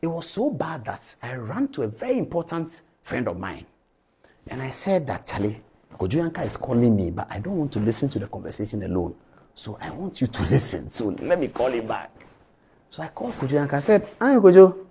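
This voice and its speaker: Husky man telling a story animatedly. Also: fairly high pitch, wildly swooping pitch, fairly quick, darkish tone. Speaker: commentator. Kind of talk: talk show commentary.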